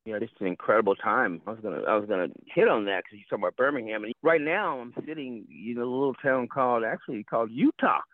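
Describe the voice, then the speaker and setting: A man co-hosting by phone, his voice thin and tinny as if through a phone line. He talks with lively, swooping pitch and keeps heaping praise on his guest, sounding plainly enthusiastic. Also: fast talker, hardly any pauses, no echo. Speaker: co-host. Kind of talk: casual interview chat. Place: small town in the American South.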